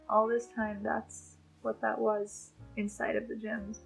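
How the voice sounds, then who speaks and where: A woman talks through her reactions to a novel in a casual readalong vlog. Her voice sits a touch high with a gravelly fry. She is gushing and emotional as she thinks aloud, with faint music underneath. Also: completely flat delivery, measured pace, hardly any pauses, low-quality recording. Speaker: book vlogger.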